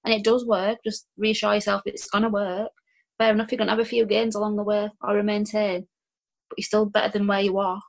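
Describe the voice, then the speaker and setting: A woman's voice: medium pitch, little pitch movement, fairly quick, vocal fry. A woman from Halifax with a Yorkshire accent, chatting openly and self-deprecatingly as a podcast guest. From Halifax, England. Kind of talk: casual chat.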